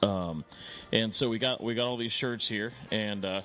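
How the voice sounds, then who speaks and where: Low-voiced laid-back male co-host. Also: moderate pace, fairly bright tone, faint music behind. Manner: easygoing, hesitant, many restarts. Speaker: podcast co-host. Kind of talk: casual comedy chat.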